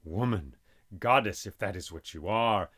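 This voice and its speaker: A man's voice: on the low side, a little slow, fairly bright tone. A man voicing a lovestruck king who speaks in a tender, courtly way.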